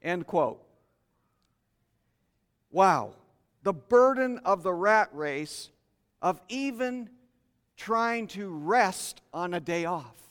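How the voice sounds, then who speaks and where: A man's voice: high-pitched, animated, extremely slow, pauses often, a bit bright, smooth. A man preaching a sermon in a conversational way, inviting the congregation to share their thoughts. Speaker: pastor. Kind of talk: interactive sermon. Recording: long hall reverb.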